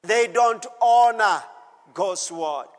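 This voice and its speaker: A man's voice: high-pitched, animated, slow pace. A male pastor preaching a sermon with call-and-response, exhorting the congregation and repeating his phrases in a church service. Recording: long reverb of a church hall.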